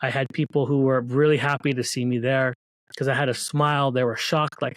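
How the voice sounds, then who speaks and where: A man tells his own story as an interview guest, earnest and faith-filled, often restarting his sentences. His voice sits at an ordinary pitch and is recorded close, with a dry sound. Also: level tone, fairly quick, dry recording. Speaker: guest, children's book author. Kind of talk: casual interview talk.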